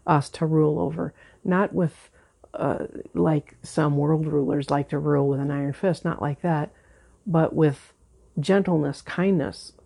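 A woman preaching in a low, gravelly voice with a husky edge. She talks earnestly and conversationally, repeating words for emphasis as a pastor addressing her congregation. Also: dark tone. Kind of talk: conversational sermon.

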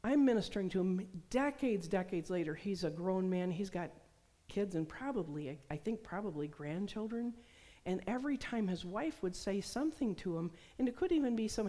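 A woman's voice: medium pitch, lively intonation, moderate pace, mellow. A middle-aged woman preaching a sermon, telling stories and acting out the voices she quotes. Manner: storytelling, acts out quoted voices. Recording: long hall reverb.

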